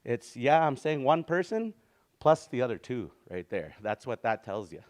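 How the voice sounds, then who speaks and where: A man teaching a language lesson in a relaxed, easygoing way, slowly repeating words for practice and often restarting his sentences. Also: mid-range voice. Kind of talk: informal spoken language lesson.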